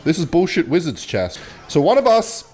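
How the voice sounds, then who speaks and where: A man casually retelling a story in a rambling, profane way, jumping between excited bursts and low mumbled asides. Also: moderate pace.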